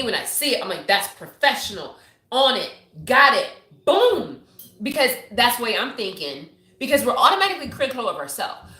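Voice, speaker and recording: A woman in her thirties with a fairly high-pitched voice hosts a live show from her home office, and the sound is reverberant. She chats candidly with viewers, telling stories in an animated, energetic way.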